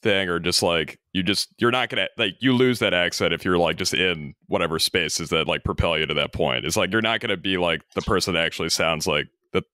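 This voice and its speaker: A man's voice: low-pitched, a little fast, hardly any pauses, sharp tone, no echo, studio quality. A man chatting on a film podcast in a laid-back, hesitant way, full of fillers. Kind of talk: casual film podcast chat.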